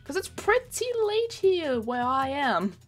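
A woman chatting casually while playing an online game, giggly and excitable, breaking into playful shouts. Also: high-pitched, slow, faint music behind. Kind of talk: casual gaming chat.

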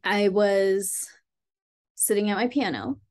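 A woman's voice: medium pitch, fairly even intonation, slow, a little mellow. Earnest rambling woman healer. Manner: earnest, rambling, heavy use of "like" and "you know"; heartfelt, speaking straight to viewers. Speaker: spiritual healing teacher. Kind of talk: casual spiritual vlog talk.

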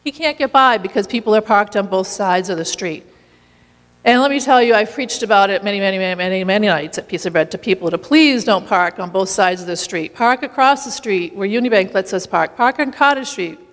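A woman sharing a lively personal story in a church, laughing now and then as she talks. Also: medium pitch, a little fast, big-room sound. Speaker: community meal volunteer leader.

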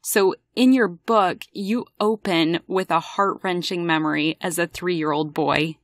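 A woman's voice: fairly low pitch, measured pace, no room sound. A woman hosting a faith podcast, introducing and questioning her guest sincerely. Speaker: podcast host. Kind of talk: podcast interview.

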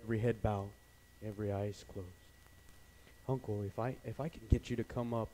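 Young male preacher, low voice, earnest storytelling sermon, faint room hiss. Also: steady tone, brisk, rough recording. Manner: storytelling, voices his dad loudly, then quiet and earnest.

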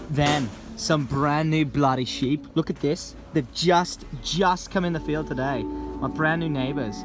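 A young man, chatting casually in a vlog around his house and garden, excitable and swearing freely. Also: medium pitch, normal speed. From England. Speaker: vlogger.

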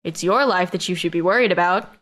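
A woman's voice: fairly low pitch, fast, a bit bright, natural voice. A cruel male giant, voiced by a woman reading an audiobook taunts and threatens in a menacing, gloating tone. It stays close to the reader's own voice, with only a slight push in force. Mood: taunting.

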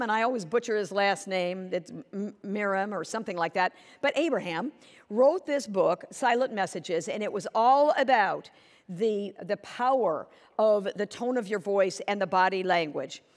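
A woman's voice: medium pitch, normal speed. A woman giving a conference keynote, telling a story and acting out both sides of a conversation. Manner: storytelling, acting out dialogue with shifting voices. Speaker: keynote speaker. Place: conference hall stage. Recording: echoey conference hall.

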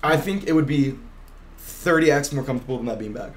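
Eager young man, fast slangy chat. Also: medium pitch, lively intonation. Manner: enthusiastic, slangy, swears. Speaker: podcast co-host. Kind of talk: casual chat.

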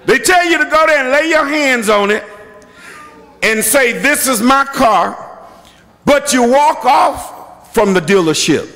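A man preaching a sermon as bishop and pastor in a church, emphatic and repetitive, breaking into shouts. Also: very high-pitched, lively intonation, a little slow. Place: church sanctuary. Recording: long hall reverb from a church.

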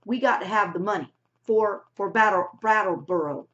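A woman reading aloud and voicing a stubborn, rough-spoken country uncle in a storybook, on a dull lo-fi recording. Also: mid-range voice, moderate pace, a bit bright, lightly acted. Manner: blunt rustic grammar, stubborn.

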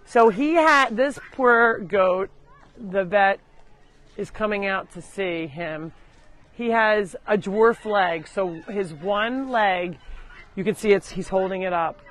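Woman, live-stream host, casual farm chat, outdoors, lively, scolds animals. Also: medium pitch, slow. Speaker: farm sanctuary founder hosting a live show.

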